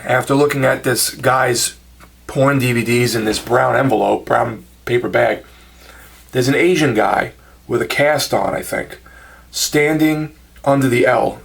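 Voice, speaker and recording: Speaking unhurriedly at a medium pitch with vocal fry, a man hosts a channel where he tells stories. His monologue is relaxed and funny, full of self-mocking anecdotes, chuckles, and quoted lines he acts out.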